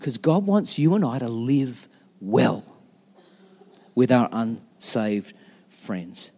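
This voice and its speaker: A man's voice: mid-range voice, very animated, slow, long pauses, darkish tone, husky, big-room sound. A middle-aged man preaching a sermon as a pastor, chatty and self-deprecating. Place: church.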